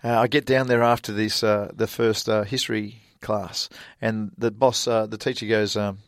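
A man's voice: lowish voice, little pitch movement, moderate pace, no echo, clean studio sound. A middle-aged Australian man, a golfer guest, telling stories in a casual interview, full of fillers and laughs. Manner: chatty anecdotal storyteller with frequent fillers and laughs.

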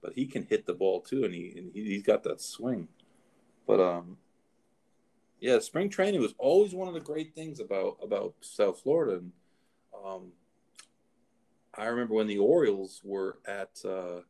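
This middle-aged horse trainer and show host has a fairly low, dark voice and a moderate pace, pausing often. In casual conversation he spins rambling stories, with frequent restarts.

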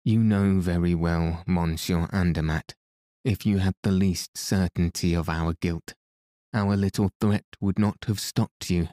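A man's voice: low voice, fairly even intonation, unhurried, dark tone, dry recording, studio quality. A man voicing a defiant, cornered swindler. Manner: defiant, sneering. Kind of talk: audiobook dialogue reading.

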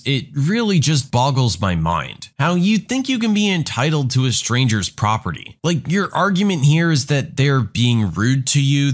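A man narrating stories submitted online in a sarcastic, expressive way, voicing the people in them. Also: mid-range voice. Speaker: story narrator. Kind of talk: reading online stories aloud.

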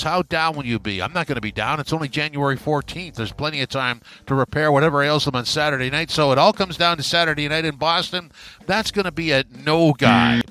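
A man's voice: fairly high pitch, bright, forceful tone. A man hosting a sports podcast, giving emphatic, punchy verdicts in a casual way. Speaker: podcast host.

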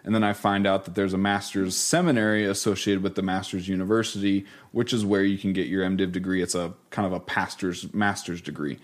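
Calm young man, fairly low voice. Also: fairly quick, few pauses. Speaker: guest. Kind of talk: casual interview talk.

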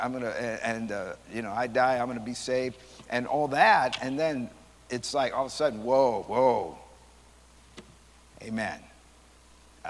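A man teaching Sunday school as a pastor, talking in a loose, animated, rambling way and often restarting his sentences. His voice sits in a middle range. It rings with the long reverb of a church hall. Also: medium pitch. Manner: rambling, repeats words, animated.

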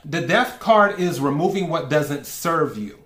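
A man's voice: fairly high pitch, animated, a little slow, a bit bright. A man giving a casual tarot reading, asking for cards politely and breaking into laughter often. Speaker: tarot reader. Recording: echoey room.

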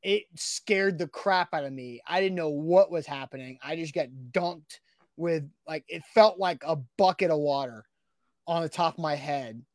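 A man hosting a sports radio morning show, telling a story in lively casual chat and acting out what people said. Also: fairly high pitch, moderate pace, no room sound, clean studio sound. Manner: animated storyteller, acting out quotes.

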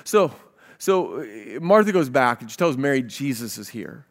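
A man's voice: medium pitch, sing-song, normal speed. A man preaching a sermon as pastor, reading scripture aloud and speaking earnestly, often repeating words as he restarts.

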